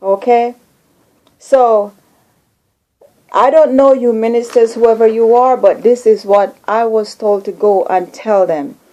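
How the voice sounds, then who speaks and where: A woman host earnestly recounting a dream as a message to her viewers, slow and deliberate. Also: medium pitch, dark tone, poor audio. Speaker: video channel host.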